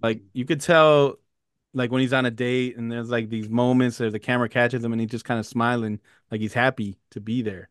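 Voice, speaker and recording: A man co-hosting a casual movie podcast, animated and laughing as he retells scenes. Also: medium pitch, fairly quick, clean tone, no room sound, studio quality. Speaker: podcast co-host.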